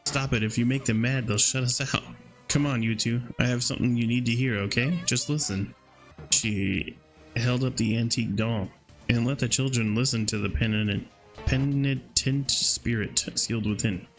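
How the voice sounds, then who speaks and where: A man with a gravelly voice plays through a horror game and reads its dialogue aloud, breaking in with casual, slangy reactions. His pitch sits in the middle range, and faint game music plays behind him. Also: steady tone, normal speed. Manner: casual, slangy reactions between read lines. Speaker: gaming video creator. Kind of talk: let's play, reading game dialogue aloud.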